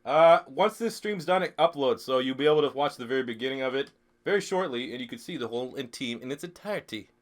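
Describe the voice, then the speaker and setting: A young Canadian man who is sick, streaming a football video game live, clearing his throat, swearing and rambling through chat questions. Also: mid-range voice, expressive, quick pace. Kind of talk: live-stream gaming commentary.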